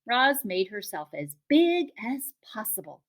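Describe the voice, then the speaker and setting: A woman narrating a children's novel aloud in an expressive storybook style. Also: on the high side, measured pace. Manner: expressive, animated reading. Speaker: audiobook reader.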